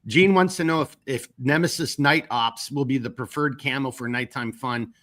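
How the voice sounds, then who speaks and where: A man's voice: mid-range voice, normal speed, a bit bright. A man with a Minnesotan accent hosting a casual political podcast, rambling with many restarts and casual swearing. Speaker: podcast host.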